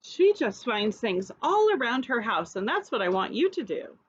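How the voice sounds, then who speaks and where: High bouncy teacher lady reading to preschoolers, gets kids to say words back. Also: big pitch swings, moderate pace, husky, muffled recording. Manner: coaxing, asks children to repeat words. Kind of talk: reading a picture book aloud to children.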